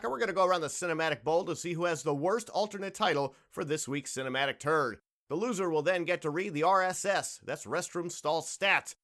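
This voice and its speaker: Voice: mid-range voice, fairly bright tone. A podcast host running a comedy movie-review show, laughing often and upbeat. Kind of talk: casual comedy podcast hosting.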